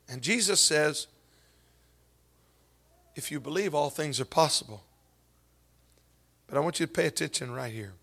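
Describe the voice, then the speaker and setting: A man preaching a sermon as pastor, swinging from hushed whispers up to shouted, tearful peaks. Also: on the high side, lively intonation, moderate pace, pauses often, slightly rough.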